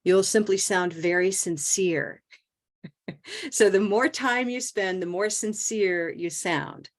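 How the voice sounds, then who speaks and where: A woman teaching English pronunciation in an online group lesson, encouraging and stretching out stressed words slowly. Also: mid-range voice.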